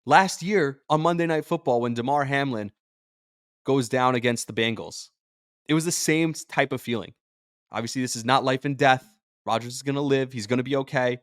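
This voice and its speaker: A man's voice: mid-range voice, moderate pace, dry recording, studio quality. A man hosting a sports podcast, talking in an emotional, rambling way that jumps between thoughts and sounds drained. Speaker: podcast host and sports radio personality.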